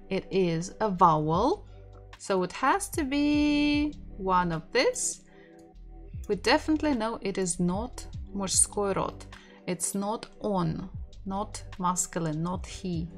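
Slow woman teaching. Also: medium pitch. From Russia. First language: Russian. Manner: slow, repeats each word for learners to echo. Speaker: Russian language teacher. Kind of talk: online language lesson.

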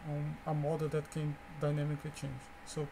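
High-voiced man teaching code, halting. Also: completely flat delivery, creaky, noisy background. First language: Portuguese. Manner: halting, repeats words, many fillers and restarts. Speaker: course instructor. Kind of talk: coding lecture walkthrough.

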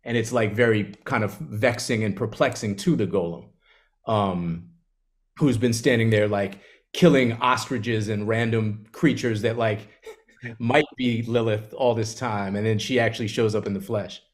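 A man, an author, telling an animated story in an onstage conversation and acting out the quotes. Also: lowish voice, unhurried. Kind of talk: live conversation on stage.

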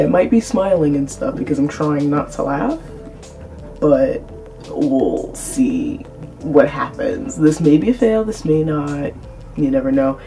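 A woman's voice: low-pitched, warm tone. A woman vlogger chatting casually and rambling cheerfully as she introduces her video. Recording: distant mic, faint music.

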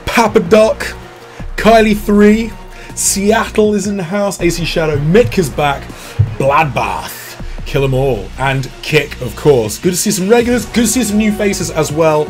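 Soft background music plays as this British streamer chats his way through a game, reading viewers' chat messages aloud and cracking self-deprecating jokes. He speaks in a high-pitched, expressive voice at a slightly slow pace.

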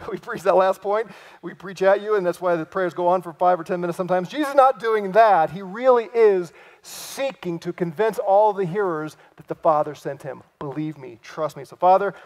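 A man preaching a sermon, acting out quoted lines and swinging from loud cries to hushed, near-whispered passages. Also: sits high. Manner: acts out quoted lines in lively voices. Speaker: pastor.

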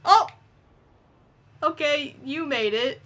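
A woman giving silly, animated let's-play commentary, chatting to the game characters as she plays. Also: sits high, takes it slowly. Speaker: gameplay commentator.

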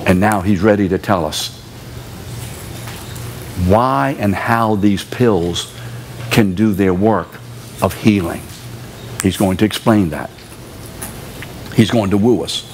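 A man preaching a sermon in a church, animated, acting out quoted voices and sometimes shouting. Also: lowish voice, slow pace, pauses often, slight background noise. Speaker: pastor. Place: church sanctuary.

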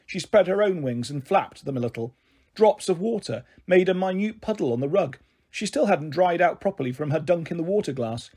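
A man reading a children's book aloud in an expressive way. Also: on the high side, a little fast, breathy edge. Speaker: storyteller.

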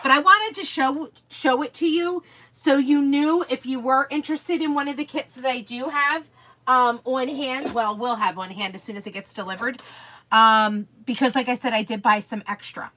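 A woman with a high-sitting, pushed, bright voice talks at normal speed while hosting a chatty live craft stream. She greets viewers by name, reads their comments aloud, gushes over products during the demo, and gets easily sidetracked.

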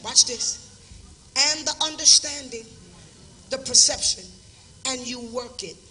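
A woman preacher delivering a fervent live revival sermon in a church, often shouting in a colloquial preaching rhythm. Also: high-pitched, a little slow, recorded from a distance. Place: church service.

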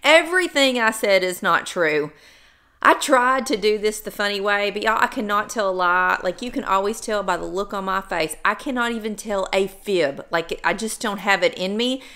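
A woman's voice: medium pitch, normal speed, bright, forceful tone. A middle-aged woman vlogging in a casual, chatty way, talking straight to her viewers with playful sarcasm. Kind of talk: casual chat to camera.

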